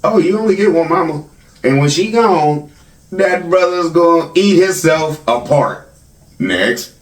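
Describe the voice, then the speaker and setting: With a fairly high, expressive voice and a measured pace, a talk show host reads out comments, greets viewers by name, and reacts with relaxed laughter. The sound is echoey, the mic set at a distance.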